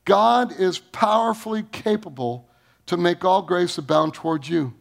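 A man preaching a sermon. He reads scripture aloud, asks the congregation questions, and swings from booming rises to low, quiet lines. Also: measured pace, vocal fry. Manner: preaching with sudden rises in pitch and volume, then dropping low. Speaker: pastor.

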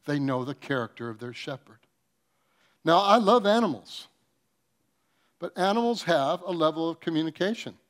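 A man preaching a sermon, telling comic stories with acted-out quotes and swinging between loud bursts and soft, earnest passages. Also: on the high side, animated, moderate pace, long pauses. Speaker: pastor.

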